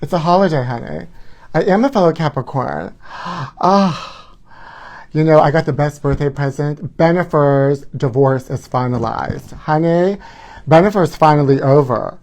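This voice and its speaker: A man's voice: on the high side, lively intonation, normal speed, vocal fry, a little mellow. A man hosting a live gossip show by himself, campy and sassy, talking into his phone camera. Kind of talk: solo livestream chat. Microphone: phone camera filming himself.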